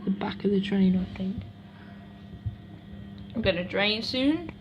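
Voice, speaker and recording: A woman's voice: medium pitch, lively intonation, a little slow, slight background noise. A woman vlogging casually at home beside a washing machine, rambling and correcting herself as she goes. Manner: rambling, self-correcting, chatty asides. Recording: dull lo-fi home recording.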